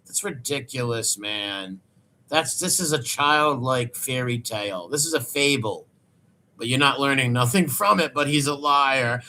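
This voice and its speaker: A man's voice: mid-range voice, measured pace, sharp tone. A man giving scornful, dismissive reaction commentary over a video.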